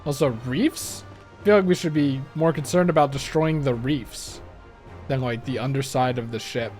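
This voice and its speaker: A man's voice: medium pitch, moderate pace, a little mellow, faint music behind. A young man doing casual let's-play commentary, chatty and rambling, laughing easily. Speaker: game streamer.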